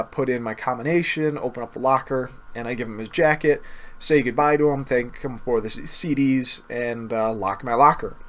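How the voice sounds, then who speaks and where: Man retelling a story, earnest. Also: mid-range voice. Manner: earnest, repeats himself and stumbles over words. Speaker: gaming video creator. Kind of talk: casual first-person storytelling.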